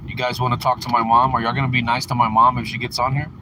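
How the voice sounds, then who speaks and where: A man's voice: mid-range voice, flat delivery, fast talker, background noise. A man hosting a casual livestream, rambling and candid, telling crude family stories from his car. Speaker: livestream host.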